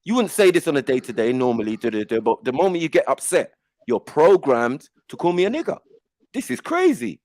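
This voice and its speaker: A man's voice: medium pitch, fairly quick, dry recording. A middle-aged man, telling stories in casual panel chat and acting out the voices he quotes. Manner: animated storytelling, acts out voices in quotes. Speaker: panel host.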